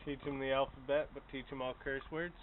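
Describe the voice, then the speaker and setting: A man co-hosting a podcast, joking crudely in casual banter and bursting into shouted bits. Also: medium pitch, flat delivery, a little fast, no room sound. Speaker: podcast co-host. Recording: phone-like narrow sound.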